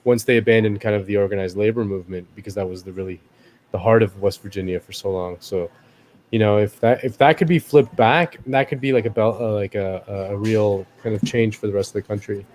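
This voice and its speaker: A man's voice: on the low side, fairly quick, a little mellow. A man co-hosting a casual political chat who rambles, leaning on "like" and restarting his sentences. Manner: rambling, many "like" fillers and restarts.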